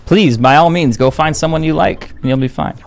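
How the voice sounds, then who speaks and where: A man's voice: on the high side, a little fast, vocal fry. A young man streaming a game, talking casually to his viewers in a blunt, defensive, profane way. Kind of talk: casual live-stream chat.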